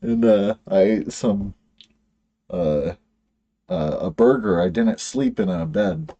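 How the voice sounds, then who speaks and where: A man co-hosts a casual podcast over a video call. He rambles, jokes and swears freely. His voice is mellow and a little low. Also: very animated, slow pace, muffled recording. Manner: rambling, profane, joking. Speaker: podcast co-host.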